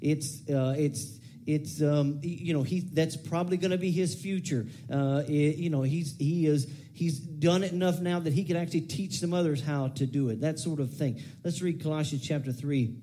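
A man in his forties gives a loose, chatty sermon, drifting into asides and restarting his sentences as he goes. His voice sits a little high for a man but sounds soft and mellow. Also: normal speed, few pauses. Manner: casual, rambling, with many restarts and asides. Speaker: preacher. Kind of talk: conversational sermon.

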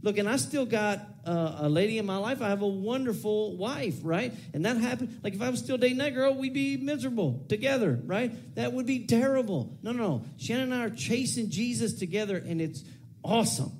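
A man's voice: high voice, animated, fairly quick, a little mellow. A man in his forties preaching a conversational sermon, casual and rambling, with restarts and side stories.

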